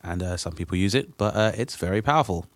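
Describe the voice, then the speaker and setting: Dry-voiced, low, hesitant man. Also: animated, quick pace, no room sound. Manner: hesitant, restarting, reflective. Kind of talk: casual chat.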